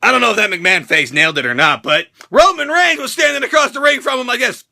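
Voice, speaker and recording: A young man hosting a crude, excitable, jokey wrestling reaction rant. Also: very high voice, quick pace, gravelly. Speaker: wrestling show reaction host. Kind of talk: profane comedic rant review.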